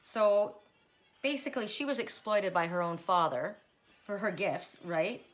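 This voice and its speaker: A woman doing a card reading who tells a story in a loose, chatty way. She keeps restarting her sentences and breaking off into asides. Her voice sits at a plain middle pitch. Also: lively intonation, unhurried, soft background music. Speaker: tarot reader. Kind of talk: casual spoken card reading.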